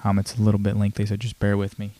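A man's voice: lowish voice, completely flat delivery, quick pace, mellow. A man reading and explaining scripture in a plain, earnest way. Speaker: co-host.

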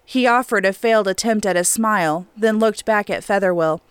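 The smooth, resonant voice of a woman narrating an audiobook in a steady storytelling manner. It is recorded close and dry, with no room sound. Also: mid-range voice, brisk, hardly any pauses, dry recording. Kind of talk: scripted narration. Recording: clean dry studio recording.

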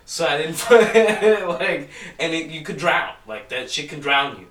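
A man's voice: on the high side, animated, a little slow, fairly bright tone, a little hiss or hum. A young man telling a rambling, profanity-filled story in casual chat with friends. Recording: echoey room from far off.

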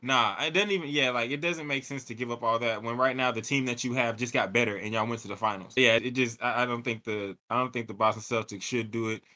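A man co-hosting a casual sports show, his voice bright and forward. He talks loosely and profanely, acting out what players and owners might say. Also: mid-range voice, fast talker, hardly any pauses. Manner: animated, profane, acts out quoted lines. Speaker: podcast co-host.

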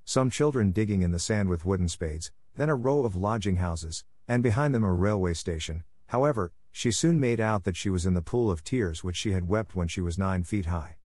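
Male narrator, storybook reading, low voice, dry close mic. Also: darkish tone, no echo. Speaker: audiobook narrator. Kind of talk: scripted narration.

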